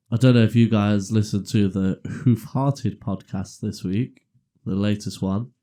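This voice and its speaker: A man's voice: on the low side, slow, dark tone. A middle-aged man on a podcast, telling a crude story in casual chat and laughing as he goes. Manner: laughs through his own story, acts out quoted voices. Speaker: podcast co-host. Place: garage.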